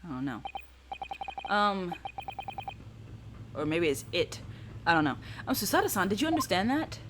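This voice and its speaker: A woman's voice: on the low side, sing-song, moderate pace, background noise. A woman giving casual, chatty commentary while she plays a game, musing aloud and often giggling. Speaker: let's play gamer.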